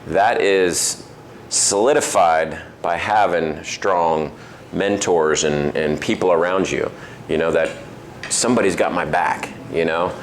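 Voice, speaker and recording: A restaurant owner speaks slowly and steadily in a low voice, giving a relaxed talk to a men's group in his dining room. His stories come with acted-out voices for the characters and plenty of filler words, over slight background noise.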